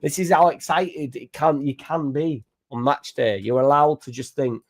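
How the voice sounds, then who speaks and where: A young man, hosting a fan channel in casual live-stream chat, rambling and excitable with sweary banter. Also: fairly high pitch, moderate pace. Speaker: football fan channel host.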